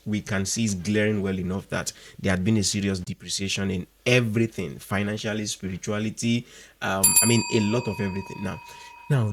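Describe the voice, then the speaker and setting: Low-voiced guy hosting a faith podcast, earnest and emphatic. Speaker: podcast host.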